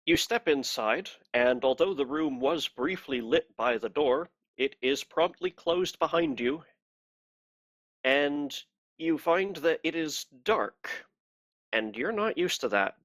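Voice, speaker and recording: Man narrating a tabletop game, lively pitch. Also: slow. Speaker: game master.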